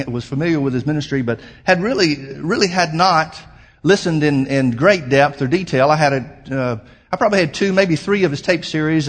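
A middle-aged man preaching a sermon as pastor, stressing his points with rising emphasis and slipping into a rambling personal story full of fillers. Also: mid-range voice.

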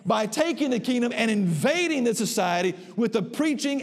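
A man preaching a sermon to a congregation, emphatic, slowing down and rising in pitch to drive home his points. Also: animated, creaky. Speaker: pastor. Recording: long reverb of a church hall.

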